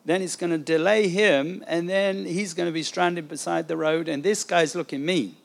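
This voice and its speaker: Gravelly-voiced man preaching a testimony. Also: fairly high pitch, moderate pace. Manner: animated storyteller who acts out the dialogue. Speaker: evangelist. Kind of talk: sermon testimony storytelling.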